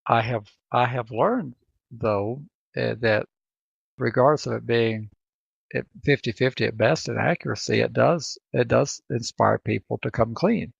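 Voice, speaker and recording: A man with a Southern accent co-hosting a podcast, talking in a halting way and often repeating words as he thinks. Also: mid-range voice, vocal fry, slightly rough, no room sound. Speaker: co-host. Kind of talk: casual podcast chat. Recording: dry, dull lo-fi sound.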